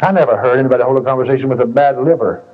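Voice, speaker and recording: This preacher races along in a mid-range voice, delivering a folksy, colloquial sermon. He repeats phrases and spins stories for his congregation, all captured on a dull lo-fi tape.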